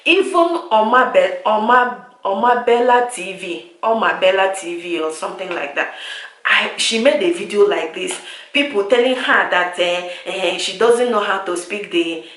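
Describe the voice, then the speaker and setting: A woman's voice: medium pitch, unhurried, fairly bright tone. Exasperated Nigerian woman vlogging. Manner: exasperated, repetitive, lapsing into pidgin. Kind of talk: direct-to-camera vlog rant. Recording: echoey room.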